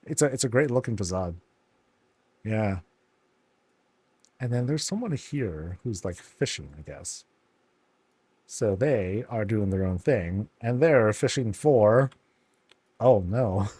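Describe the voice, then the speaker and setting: A man's voice: lowish voice, animated, takes it slowly, pauses often, dark tone, slightly rough, no room sound. A man casually commenting on a game, telling stories animatedly with slangy asides. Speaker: game streamer.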